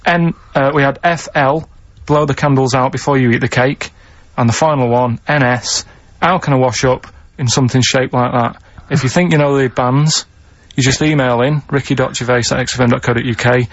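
A man's voice: medium pitch, fairly even intonation, fairly quick, few pauses, no echo. Man, plain matter-of-fact radio talk, dry, lo-fi. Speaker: radio co-host. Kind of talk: casual radio banter.

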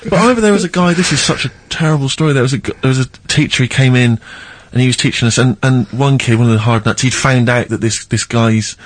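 A man's voice: mid-range voice, fast talker, hardly any pauses. A man in a casual chat, rambling through memories with many restarts. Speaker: podcast co-host.

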